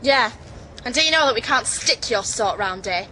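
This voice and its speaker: A woman's voice: on the high side, animated, moderate pace, pushed and bright, a little hiss or hum, poor audio. A woman playing a mouthy, hostile female neighbour in a children's puppet show. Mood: jeering. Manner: jeering, hostile.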